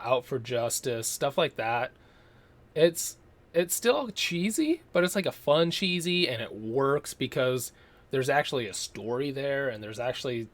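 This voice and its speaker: A man talking through a movie review in a relaxed, rambling way. He swears casually and keeps mimicking the people he describes. His voice sits in an ordinary middle register. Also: medium pitch. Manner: rambling, profane, slips into mocking impressions.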